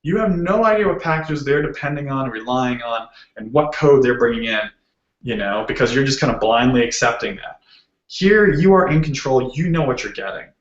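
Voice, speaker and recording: A man with a Boston accent talks through a technical topic in a loose, joking way, dropping plenty of ums. His voice sits at a middle pitch. It comes over a video call that sounds roomy and a little muffled. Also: lively intonation, normal speed. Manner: casual and joking, lots of ums. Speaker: guest speaker. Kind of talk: technical talk.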